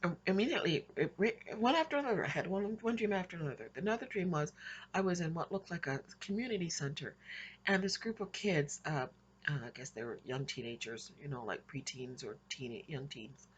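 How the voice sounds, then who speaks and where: A woman's voice: deep voice, lively intonation, brisk, breathy edge, highs cut off. A woman casually recounting her dreams in a rambling way, with frequent restarts and little laughs. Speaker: Christian vlogger recounting dreams. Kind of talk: casual spoken storytelling.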